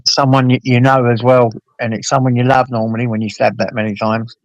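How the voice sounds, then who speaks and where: A man hosting a casual chat, talking bluntly with plenty of swearing and lively storytelling. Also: medium pitch, fairly quick, no echo, rough recording. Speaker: host.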